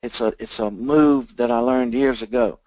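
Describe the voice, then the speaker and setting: A man's voice: mid-range voice, normal speed, a little mellow, no room sound, dull audio. A man giving sales training, talking straight to his listeners and often checking in with "okay?". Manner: acts out both sides of sales conversations. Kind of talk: instructional training talk.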